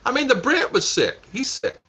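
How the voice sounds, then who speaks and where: A man's voice: very high voice, huge pitch swings, normal speed, sharp tone, husky. A man hosting a casual livestream, chatting with viewers and reading their comments, rambling and repeating himself with frequent laughter. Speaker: vlog host reading live chat. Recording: dull lo-fi stream audio.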